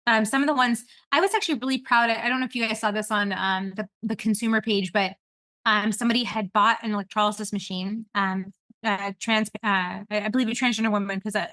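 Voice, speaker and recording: A woman hosting a podcast in casual chat, rambling and animated, laughing often as she talks. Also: medium pitch, no room sound. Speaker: podcast host.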